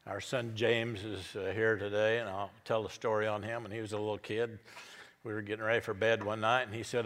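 A man's voice: lowish voice, level tone, moderate pace, fairly bright tone, big-room sound. A middle-aged man preaching a sermon as a pastor, in a folksy storytelling manner that acts out the characters. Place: church.

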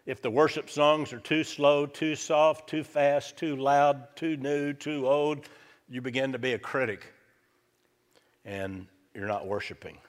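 A man's voice: medium pitch, fairly even intonation, measured pace. Male pastor, emphatic sermon delivery, repeats points, mid-range voice, long hall reverb. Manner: emphatic, repeats key lines for effect.

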